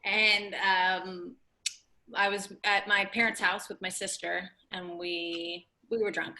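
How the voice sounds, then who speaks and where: A woman in her late twenties, a comedian telling an animated story full of "like"s on a podcast. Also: mid-range voice, slow pace. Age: late 20s. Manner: animated, laughing storyteller with many "like"s. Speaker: comedian guest.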